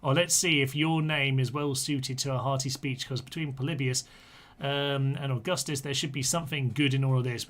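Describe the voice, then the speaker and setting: A man's voice: mid-range voice, a bit bright. Chatty man rambling through a game stream. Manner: rambling, chatty, self-mocking asides. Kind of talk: casual live-stream commentary.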